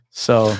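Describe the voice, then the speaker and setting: A man in his forties, a retired police officer, telling a profane, animated story as a podcast guest. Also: no room sound. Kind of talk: casual storytelling chat.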